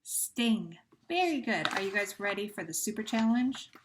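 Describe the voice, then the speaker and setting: A woman's voice: mid-range voice, lively intonation, noisy background. A woman teacher leading young children through a phonemic awareness lesson, running patient sound drills and praising each answer. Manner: slow, patient drills with pauses and gentle praise.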